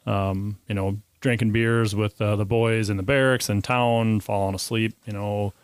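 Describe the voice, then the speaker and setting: A man hosting a podcast, asking relaxed follow-up questions in casual conversation. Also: on the low side, moderate pace, clean tone, no room sound. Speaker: podcast host. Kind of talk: casual interview chat.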